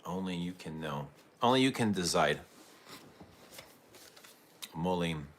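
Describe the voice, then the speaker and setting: A man's voice: sits low, animated, takes it slowly, a little hiss or hum. A man hosting a casual livestream about perfume, chatting with viewers and reading their comments aloud.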